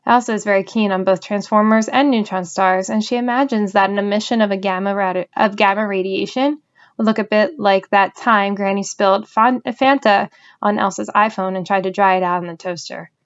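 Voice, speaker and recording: A woman reading a novel aloud in an even storytelling manner. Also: mid-range voice, a little fast, clear, resonant tone, lo-fi sound. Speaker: audiobook reader.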